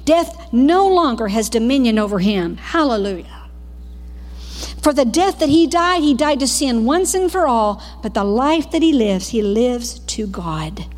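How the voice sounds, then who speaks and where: A high-pitched woman preaching with fervent, preacherly conviction. She teaches a Bible school class, dropping into quoted prayers and quick asides to the room. Her voice rings out with a long reverb, as in a large hall. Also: lively intonation, a little mellow. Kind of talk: teaching sermon.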